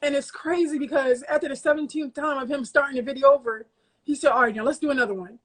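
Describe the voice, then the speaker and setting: A woman poet, a guest in an interview, telling her own story in a casual, lively, self-mocking way. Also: sits high, quick pace. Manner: lively, self-mocking, slips into quoted voices.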